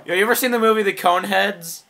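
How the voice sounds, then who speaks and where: Excitable young guy chatting over gameplay. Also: high-pitched, quick pace, crowd noise. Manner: excitable, giggly, teasing. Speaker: gameplay video host. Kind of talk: casual gameplay chat.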